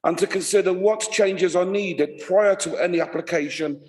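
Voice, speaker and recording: A man with a croaky voice, speaking as a councillor at a committee meeting and reading out a formal motion. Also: high voice, a little mellow. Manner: reads out a motion, measured. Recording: echoey hall with long reverb.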